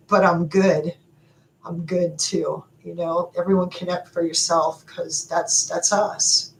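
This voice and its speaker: A middle-aged woman hosting a live stream, talking to viewers in an animated, emotional and rambling way, often laughing. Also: on the low side, a little slow. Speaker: livestream host. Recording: echoey room with faint background noise.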